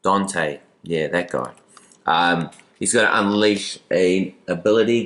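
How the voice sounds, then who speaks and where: A man's voice: sits low, slow, fairly bright tone, echoey room. A man casually commentating a tabletop wargame battle, chatty with playful asides. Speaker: battle report host.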